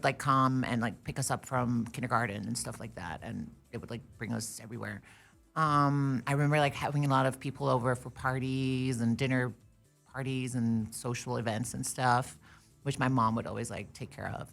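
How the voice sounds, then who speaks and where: A young woman from the Netherlands talks as a guest on a casual podcast. Her voice sits very low for a woman but has a bright, forceful edge. She chats playfully and corrects herself mid-sentence with a joking touch. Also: steady tone, gravelly, faint music behind. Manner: chatty and playful, quick self-corrections. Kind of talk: casual chat.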